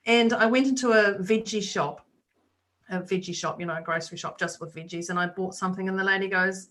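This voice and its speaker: A woman's voice: mid-range voice, brisk, a bit bright. A woman co-hosting a talk podcast, chatting casually and acting out the voices of people in her story. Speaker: podcast co-host. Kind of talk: casual chat.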